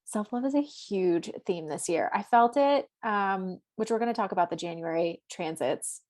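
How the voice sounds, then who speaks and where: A woman co-hosts a relaxed podcast, chatting about astrology. Her talk rambles loosely and is packed with "like" and small asides. Her pitch sits in an ordinary middle range for a woman. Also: normal speed. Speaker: podcast co-host. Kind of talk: casual chat about astrology.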